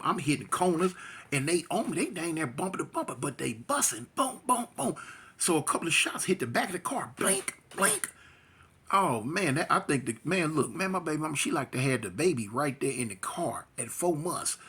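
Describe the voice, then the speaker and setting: A man telling a tense street story casually, animated and slangy, acting out the sounds himself. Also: a little high, breathy edge.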